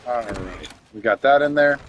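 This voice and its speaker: A man's voice: mid-range voice, animated, normal speed, a little hiss or hum. Young male streamer; loose, rambling, jokey chat with viewers. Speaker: game streamer. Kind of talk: casual live-stream chat while playing.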